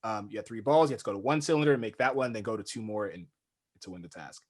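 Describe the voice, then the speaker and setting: A man's voice: fairly low pitch, fast, slightly rough. A man co-hosting a casual reality show recap podcast, joking and acting out quotes in punchy lines. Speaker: podcast co-host.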